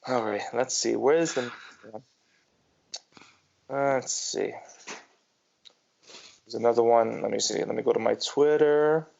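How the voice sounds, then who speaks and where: Gravelly-voiced man ranting on a podcast. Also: medium pitch, fairly even intonation, unhurried, long pauses, darkish tone. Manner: rambling, ranting, with frequent restarts. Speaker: podcast co-host. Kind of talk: casual sports podcast chat. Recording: dull lo-fi podcast audio.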